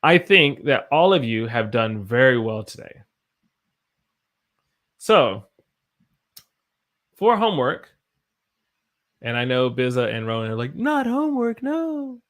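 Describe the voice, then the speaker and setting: A man's voice: mid-range voice, expressive, slow pace, long pauses, fairly bright tone. A man from the United States teaching English on a live stream, tired after a long day and encouraging as he reads out viewer sentences and corrects them.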